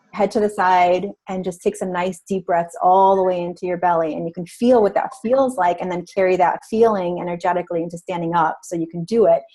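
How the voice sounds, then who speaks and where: A woman's voice: medium pitch, a little mellow, rough recording. A woman speaker trainer telling a story and teaching breath work in an earnest, casual way.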